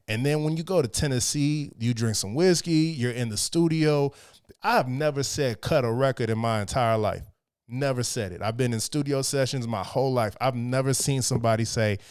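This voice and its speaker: A man's voice: mid-range voice, darkish tone, smooth, no echo, clean studio sound. A young man from Texas, giving casual, blunt and profane commentary. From Texas, USA. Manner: blunt and profane, drawn-out asides.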